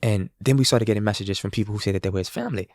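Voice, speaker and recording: A man's voice: on the low side, racing, dry recording. A man, a street musician, telling a story in casual talk and acting out the dialogue of the people in it. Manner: animated, acts out quoted dialogue.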